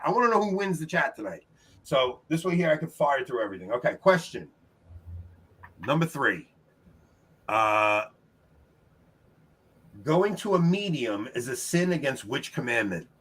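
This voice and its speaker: Bright-voiced Long Island host. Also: male voice, on the high side, expressive. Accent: Long Island New York. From New York, United States. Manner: upbeat, chatty, laughs often, quick asides to the chat. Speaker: trivia show host. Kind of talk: casual livestream game hosting. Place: his home.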